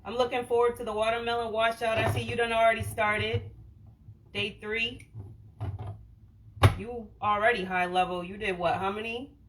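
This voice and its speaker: A Boston woman hosts a casual wellness livestream, replying to viewer comments with frank slang, frequent "like"s, and the odd swear word. Her accent is Boston minus the familiar broad vowels. She talks in a higher-pitched, steady voice at a moderate pace, pausing often against a noisy background.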